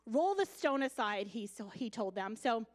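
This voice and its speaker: A woman's voice: a little high, expressive, normal speed. A woman pastor preaching a sermon, telling the story conversationally and acting out quoted lines. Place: church sanctuary.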